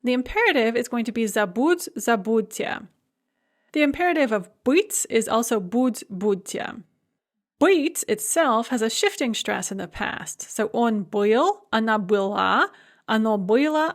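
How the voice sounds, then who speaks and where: Methodical woman teaching a lecture. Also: a little high. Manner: methodical, spells out verb forms one by one. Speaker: language teacher. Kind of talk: recorded lecture.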